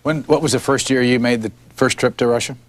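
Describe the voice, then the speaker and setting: Quick-talking male interviewer. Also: medium pitch, fairly even intonation. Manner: brief, casual questions. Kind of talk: interview questions.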